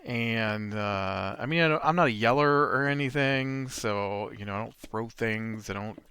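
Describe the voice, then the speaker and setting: A man's voice: medium pitch, measured pace, pushed and bright, smooth, no room sound. A man hosting a let's play, telling a rambling story in casual chat while he plays. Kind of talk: casual chat while playing a video game.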